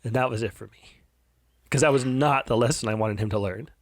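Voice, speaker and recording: A man in his thirties tells a personal story in an earnest, confessional way. He often restarts his sentences and turns soft and quiet in the tender parts. His voice is mid-pitched and sounds dry and close on the mic. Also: a little fast, dry recording. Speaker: podcast co-host.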